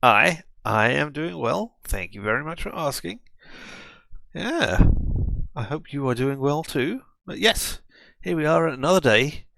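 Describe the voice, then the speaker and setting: A man's voice: a little high, animated, a little slow, vocal fry, bright, forceful tone, dry recording. A man hosting a casual let's play video, commenting on a game in a rambling, self-mocking way.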